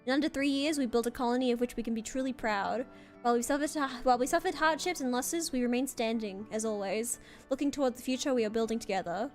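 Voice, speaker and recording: A woman voicing a calm female colony governor, reading her formal festival speech from a game. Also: fairly high pitch, fast, soft background music, lightly acted. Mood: solemn.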